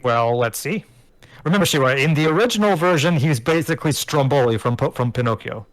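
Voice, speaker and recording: A man's voice: a little high, expressive, a little fast, no echo. Man explaining lore on a dry mic. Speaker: commentator. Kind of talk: movie commentary chat.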